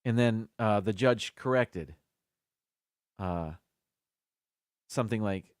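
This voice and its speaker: A man's voice: fairly low pitch, slow, long pauses, smooth, no room sound, studio quality. A man hosting a live stream in casual chat, talking through words and sounding each one out carefully.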